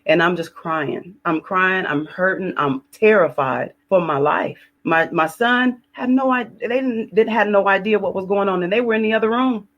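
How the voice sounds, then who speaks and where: A woman's voice: medium pitch, normal speed, few pauses, fairly bright tone, dull audio. Woman telling an emotional personal testimony. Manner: emotional, repeats phrases, acts out her own prayers. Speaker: guest sharing her testimony.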